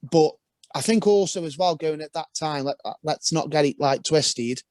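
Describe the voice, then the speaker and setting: A man's voice: a little high, moderate pace, darkish tone, dry recording. A young man, a former footballer, talking casually as a podcast guest in a rambling storytelling way with frequent restarts.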